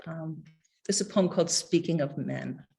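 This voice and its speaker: A woman's voice: deep voice, vocal fry, dark tone. Middle-aged woman poet reading aloud. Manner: measured, deliberate reading with hesitant asides between poems. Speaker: poet reading at her book launch. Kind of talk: poetry reading.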